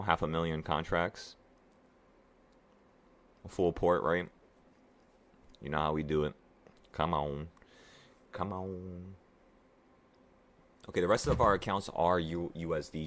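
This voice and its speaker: Deep-voiced sick man narrating live trades. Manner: excitable, profane, self-talking. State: sick, voice affected by illness. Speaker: trading vlogger. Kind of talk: live trading commentary to viewers.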